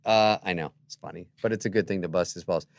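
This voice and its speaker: A man's voice: sits low, fast talker, gravelly, no echo, clean studio sound. A man guesting on a talk show, telling wry, mocking stories and acting out both sides of the conversations. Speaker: comedian guest. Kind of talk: casual anecdote telling.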